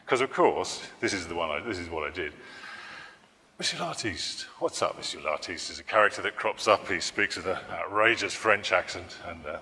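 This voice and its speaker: A man's voice: low voice, a little fast, few pauses, bright, forceful tone, long reverb tail. A man, a political cartoonist, giving a public talk in a rambling, self-correcting way with dry humor.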